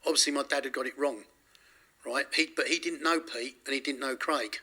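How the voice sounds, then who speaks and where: A man's voice: mid-range voice, a little fast, pushed and bright, breathy edge. A man telling his story in an interview, rambling with frequent restarts and corrections. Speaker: interview guest.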